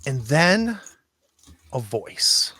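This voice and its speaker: Slow, hesitant man narrating a game. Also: medium pitch, sing-song, bright, forceful tone, husky. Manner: slow, hesitant, many ums and restarts. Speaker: game master. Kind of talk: narrating a tabletop horror game.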